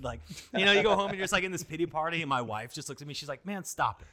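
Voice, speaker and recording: Bright, fast-talking male pastor. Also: fairly high pitch. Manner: animated storyteller who acts out quotes, filler-heavy. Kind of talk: casual conversation about church outreach.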